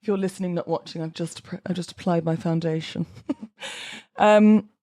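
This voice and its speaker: A woman's voice: lowish voice, steady tone, normal speed, mellow. Chatty woman podcast host. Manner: chatty, oversharing, self-mocking. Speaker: wedding podcast host and celebrant. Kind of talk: casual chat.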